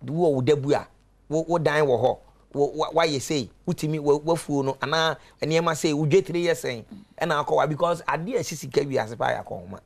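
Gravelly man telling animated stories. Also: fairly high pitch, fairly quick. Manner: animated storyteller, laughs often. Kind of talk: talk show discussion.

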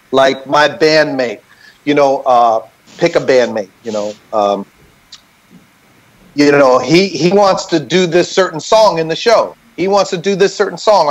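Guy on a video call guesting on a podcast, kinda high voice, earnest and reflective, keeps saying right?. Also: unhurried. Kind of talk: candid conversational storytelling.

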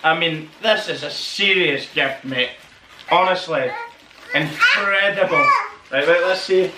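A man's voice: on the high side, unhurried. A man hosting an unboxing vlog, chatty and full of exclamations. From Northern Ireland. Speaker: channel host. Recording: echoey room, mic at a distance, noisy.

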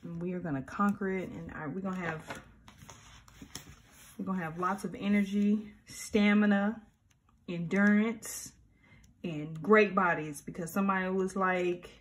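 This planner vlogger, a middle-aged woman, speaks at medium pitch with fairly even intonation, a measured pace and long pauses. Her plan-with-me chat is casual and lively as she decorates, broken up by mock-grumpy remarks.

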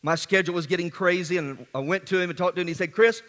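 A man preaching a sermon as pastor, swinging between hushed and emphatic delivery in a church sanctuary. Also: high-pitched, rapid-fire. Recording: long hall reverb.

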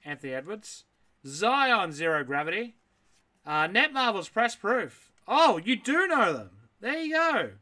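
A man's voice: sits high, sing-song, measured pace, sharp tone. A man running a live card break, reading out names in a list and chatting with viewers. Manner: rattles off names, reacts aloud, chats with viewers. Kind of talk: live card-opening stream.

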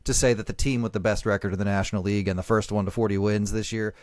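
A man's voice: lowish voice, steady tone, very fast, a little mellow, dry recording. A man co-hosting a sports podcast in casual chat, with dry, wry humor. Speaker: podcast co-host.

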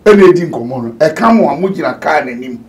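A man with a fairly high, animated voice, speaking a little fast, hosts a casual chat and tells stories with energy, mixing Twi and English. The mic is distant and picks up faint noise.

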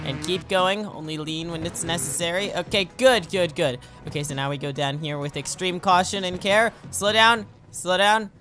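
A young man commentating on his own gameplay, excitable and jokey, talking to himself and yelping when he crashes. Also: sits high, moderate pace, hardly any pauses, soft background music. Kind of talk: let's play commentary.

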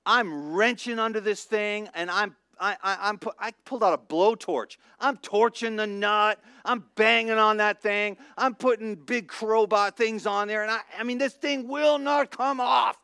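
Middle-aged pastor guy telling a story in a sermon, kinda high voice, dry close mic, goes quiet then loud. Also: moderate pace, clean tone, no room sound. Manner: animated storytelling, acts out voices, swings from soft to loud.

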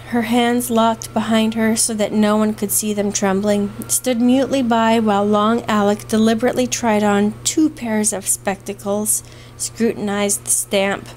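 A woman narrating a classic novel aloud in a measured, expressive reading. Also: on the high side, a little hiss or hum, low-quality recording. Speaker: audiobook narrator. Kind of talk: scripted narration.

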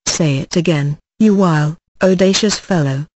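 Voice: mid-range voice, moderate pace, a little mellow, no echo, close to an everyday voice. A reader voicing a pompous, stern middle-aged male parish beadle who blusters with indignation. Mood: outraged.

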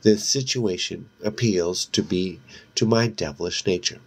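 Deep, slow-reading man narrating a novel. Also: vocal fry. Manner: measured, steady reading with occasional slips. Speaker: audiobook narrator.

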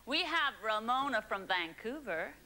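A woman's voice: a little high, big pitch swings, measured pace. A woman hosting a TV dating show in a studio, chatty and teasing, laughing often with the audience. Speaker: game show host. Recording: old broadcast with loud audience noise. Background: audience cheering and laughing.

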